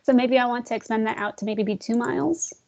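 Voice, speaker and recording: A woman leading a screen-share software tutorial for real estate agents, talking casually, calling her listeners "guys" and joking about slow screens. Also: a little high, fairly even intonation, gravelly, low-quality recording. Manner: chatty, addresses audience as guys, jokes about glitches.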